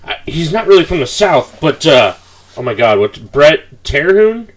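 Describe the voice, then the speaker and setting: A man's voice: fairly high pitch, very animated, a little slow. Podcast host guy, hesitant and chatty, bouncy voice. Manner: hesitant, lots of fillers. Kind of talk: casual podcast chat.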